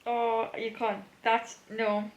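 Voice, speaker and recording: A woman's voice: on the high side, flat delivery, slow pace, highs cut off. A young woman chatting casually about her reading at home, laughing often and sounding tired. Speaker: book vlogger. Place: home indoors.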